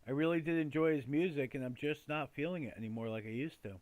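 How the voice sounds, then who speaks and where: A man hosting a casual news commentary in a chatty, rambling way, often repeating himself and filling gaps with ums and uhs. His voice sits a bit high for a man. The sound is dry and close, with no room echo. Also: fast, a little mellow. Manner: loose, chatty, many fillers and repeats.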